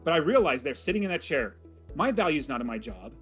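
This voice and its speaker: A man's voice: on the high side, sing-song, fast, fairly bright tone, husky, soft background music. A man telling a personal story as an interview guest, in a vivid and dramatic way. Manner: vivid, dramatic retelling with acted quotes.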